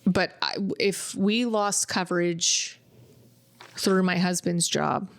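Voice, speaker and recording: A woman's voice: fairly low pitch, slow pace, gravelly. A woman co-hosting a podcast, chatting casually and acting out what her clients said. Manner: chatty storyteller, acts out clients' quotes. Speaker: podcast co-host. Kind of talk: casual chat.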